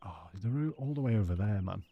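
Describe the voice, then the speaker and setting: Gravelly-voiced British man streaming a game. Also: fairly low pitch, lively intonation, a little fast, dry recording, highs cut off. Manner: chatty, thanks and greets viewers by name. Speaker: live streamer. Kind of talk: live gameplay commentary chatting with viewers.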